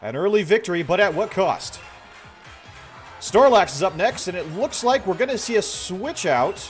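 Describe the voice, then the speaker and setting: A man putting on the voice of an excitable male stadium battle announcer, calling a game battle play by play in a booming, drawn-out style. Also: faint music behind. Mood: hyped. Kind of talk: play-by-play commentary.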